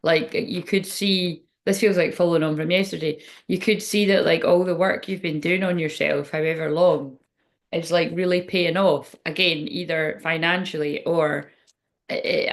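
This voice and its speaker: A woman's voice: fairly low pitch, fairly even intonation, moderate pace. A woman doing a casual live tarot reading, chatty and rambling, and swearing freely. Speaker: tarot reader.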